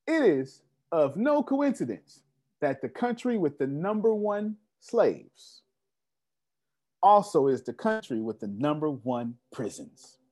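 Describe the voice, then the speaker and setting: A man's voice: on the high side, sing-song, takes it slowly, darkish tone. A man giving a business seminar to a live audience, emphatic and repetitive, often asking the crowd rhetorical questions. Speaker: business coach.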